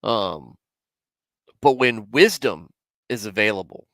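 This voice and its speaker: A man in his forties hosts a casual Bible commentary livestream, answering his chat in a self-deprecating, candid way. He speaks slowly and expressively at a fairly low pitch, his tone fairly bright, in studio-quality sound with no echo.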